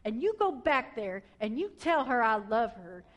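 A woman's voice: on the high side, sing-song, normal speed. A woman voicing God as a stern male figure rebuking his servant. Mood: commanding.

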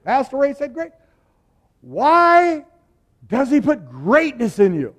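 A high-voiced male preacher delivering a sermon with sweeping dynamics. He drops to hushed near-whispers, then climbs into loud, soaring declarations, pausing to have the congregation repeat his lines. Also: huge pitch swings. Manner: dynamic, swings from hushed to shouted; call-and-response with the congregation.

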